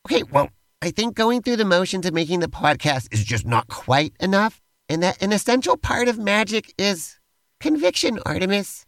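Man, podcast co-host, chatty and playful, animated pitch. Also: moderate pace, no echo. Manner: enthusiastic, talky, uses "like" a lot. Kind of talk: playful role-play banter.

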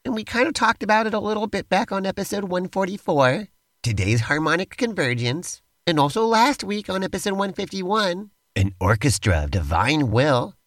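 A man's voice: sits high, big pitch swings, moderate pace, fairly bright tone, no echo. A man co-hosting a podcast, narrating a playful role-play and bantering with enthusiasm. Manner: enthusiastic, talky, uses "like" a lot. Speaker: podcast co-host.

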